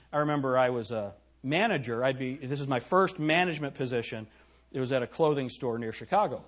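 A middle-aged man preaching a sermon in a church, throwing rhetorical questions at the congregation. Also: mid-range voice. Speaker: pastor.

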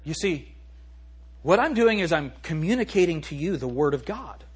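A male pastor preaching in a church sanctuary, swinging from loud calls to hushed asides. His voice is husky and sits high for a man. When he reads scripture he slows to a weighty, emphatic cadence. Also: sing-song. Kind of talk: sermon.

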